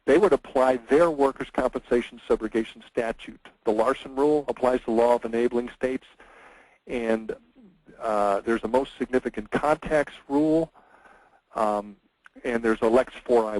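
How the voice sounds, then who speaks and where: A man's voice: mid-range voice, a little mellow, no room sound, rough recording. A man, a lawyer presenting a webinar lecture, speaking conversationally with frequent "uh" and "um" fillers.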